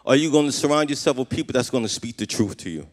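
A man's voice: mid-range voice, animated, rapid-fire. A man preaches to his church in an earnest, searching tone, repeating his questions back to the congregation. His voice sits in an ordinary middle register. A long reverb from the hall trails each phrase. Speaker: pastor. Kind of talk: sermon.

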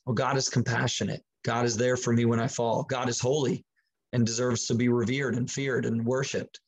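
A man giving relaxed, practical advice on daily Bible reading and prayer, talking conversationally with frequent fillers and restarts. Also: medium pitch, moderate pace, rough recording. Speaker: Christian teacher. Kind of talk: casual teaching talk.

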